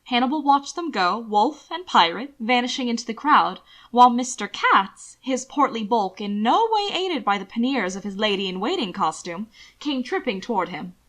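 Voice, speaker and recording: A woman narrating a fan fiction audiobook with expressive storytelling. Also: on the high side, normal speed, few pauses.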